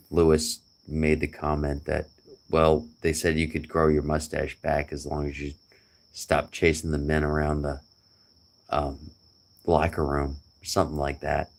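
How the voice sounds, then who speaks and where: A man's voice: rumbling low, flat delivery, unhurried. A middle-aged man chatting casually to a friend, rambling and joking with chuckles. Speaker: vlogger.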